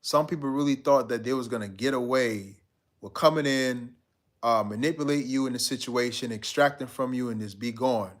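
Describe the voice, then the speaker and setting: A man's voice: mid-range voice, moderate pace. A man hosting a live stream, chatting casually and reading out viewer comments in a laid-back, slangy way. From United States.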